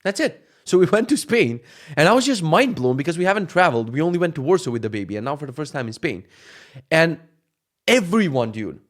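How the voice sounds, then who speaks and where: A man's voice: a little high, a little fast. A man from Macedonia telling stories in a casual vlog monologue, joking and swearing freely. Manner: profane, joking, animated storytelling. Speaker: vlogger.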